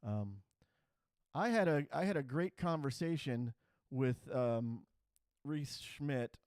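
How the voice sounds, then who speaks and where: A man's voice: mid-range voice, expressive, slow, darkish tone, dry recording. A man hosting a live stream, introducing a recorded conversation in a loose, rambling way. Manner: rambling, restarts often.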